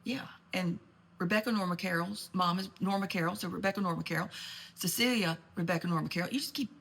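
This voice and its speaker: A woman's voice: lowish voice, fast talker, gravelly, fairly bright tone, breathy edge. A woman telling a rambling, gossipy comedic story, full of asides and genteel sass. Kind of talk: comedic monologue in character.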